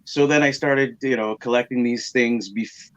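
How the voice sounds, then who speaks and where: A man's voice: mid-range voice, steady tone, measured pace, a bit bright. A middle-aged male guest tells a story in a chatty, easygoing way and laughs easily along the way. His voice comes through dull and muffled over lo-fi remote audio. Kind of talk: casual storytelling interview.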